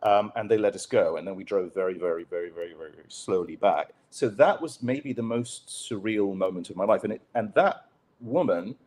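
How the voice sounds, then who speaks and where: A man's voice: on the low side, fairly quick, darkish tone. A journalist man telling a candid, self-deprecating story as a podcast guest. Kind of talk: conversational storytelling.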